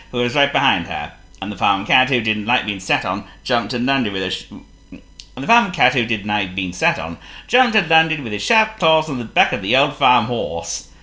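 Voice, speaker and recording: Man, children's story reader, very lively pitch, bright tone, playful, echoey room. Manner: expressive and playful, laughs as he reads.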